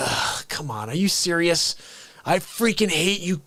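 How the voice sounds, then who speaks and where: A man hosting a livestream, chatting excitedly and grumbling at his screen. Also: on the high side, measured pace, no echo. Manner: excitable, chatty, frustrated asides. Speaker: show host. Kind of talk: casual livestream chat.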